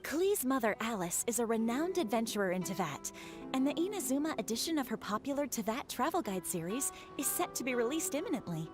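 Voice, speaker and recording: Formal female messenger, poised, lively inflection, music under. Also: on the high side, fairly quick. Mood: polite. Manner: formal, courteous. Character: polite adult female messenger, formal and composed. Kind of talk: game cutscene dialogue.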